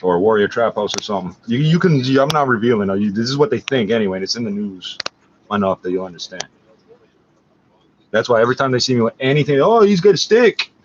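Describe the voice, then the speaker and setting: A man with a lowish voice rants on and on, swearing and agitated, and drifts from point to point as an internet radio host. The recording is dull and lo-fi, with a faint hiss of background noise. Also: quick pace. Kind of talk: profane rambling monologue.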